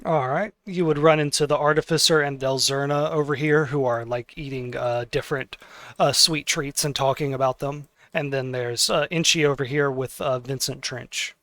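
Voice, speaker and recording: A man narrating as game master, describing scenes in a relaxed way with fillers. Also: mid-range voice, moderate pace, no room sound.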